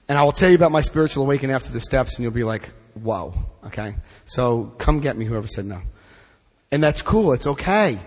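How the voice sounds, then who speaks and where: A man's voice: on the high side, big-room sound. A man leading a twelve-step study group, reading passages aloud and adding blunt, joking asides. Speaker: recovery workshop leader.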